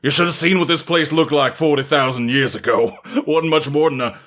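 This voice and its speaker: A man's voice: on the high side, a little fast, a bit bright, pitched above the performer's own voice, natural voice. A man voicing an ancient, long-winded head butler who speaks with grand, formal politeness. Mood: grandiloquent. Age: older. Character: ancient pompous male estate head butler.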